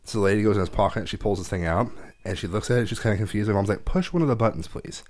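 A man's voice: fairly low pitch, steady tone, very fast. A man telling rambling, profane stories in casual chat, often laughing at himself.

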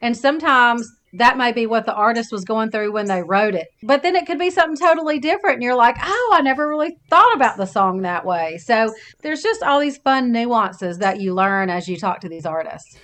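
A woman's voice: fairly high pitch, animated, brisk, few pauses, fairly bright tone. A woman co-hosting a podcast, chatting in an upbeat way. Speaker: podcast co-host. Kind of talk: podcast chat.

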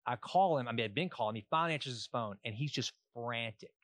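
A man in his forties with a Texan accent, co-hosting a podcast in casual chat and telling animated stories. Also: mid-range voice, fast, no echo. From East Texas. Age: 40s. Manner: animated storyteller, acts out voices in anecdotes. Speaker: podcast co-host.

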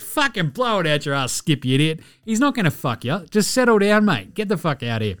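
An Australian man hosting a casual sports podcast, excitable and mocking, swearing freely as he rants. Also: high-pitched, brisk, few pauses, no echo, clean studio sound. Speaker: podcast host.

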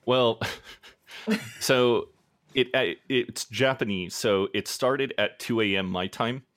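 A man's voice: mid-range voice, takes it slowly, fairly bright tone, no echo, studio quality. A man hosting a podcast, chatting casually and rambling with frequent laughs. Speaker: podcast host. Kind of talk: casual chat.

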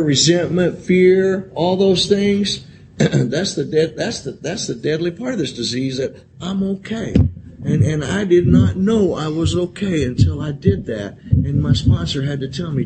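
In a convention hall, a man whose voice sits high tells his recovery story with raw candor, swearing often, repeating himself and leaning on the word "man" as he rambles. The talk is profane and emotional. The rough live recording carries loud room noise.

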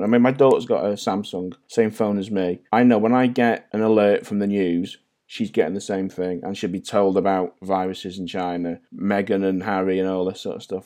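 A man's voice: lowish voice, mellow. A man in his forties from North Wales, with a North Welsh accent that has a Scouse-like twang, chatting over a video call as a podcast guest and telling self-deprecating stories. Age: 40s. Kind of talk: casual chat.

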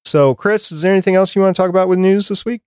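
A man's voice: high-pitched, racing, clear, resonant tone, dry recording, clean studio sound. A man hosting a podcast, chatting casually and reading listener feedback aloud. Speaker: podcast host.

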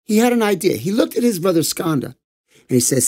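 A man telling a bedtime story for children, gentle and animated, jumping into character voices. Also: high-pitched, brisk, slightly rough, dry recording, studio quality.

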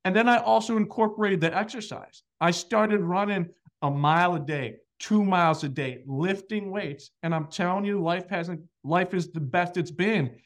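A man's voice: high-pitched, normal speed, few pauses. A man hosting a podcast, talking earnestly and reflectively with his guest and often agreeing. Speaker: podcast host, financial advisor. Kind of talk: podcast interview chat.

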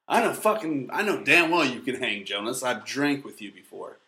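Lively bright-voiced man in his thirties. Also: medium pitch, moderate pace. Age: 30s. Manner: animated, crude and joking. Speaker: co-host. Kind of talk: casual podcast chat.

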